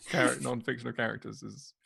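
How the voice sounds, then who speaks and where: A player joining in with quick jokes around a tabletop game. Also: medium pitch, fairly even intonation, creaky, crowd noise. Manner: joking, laughing. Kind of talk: casual tabletop chat.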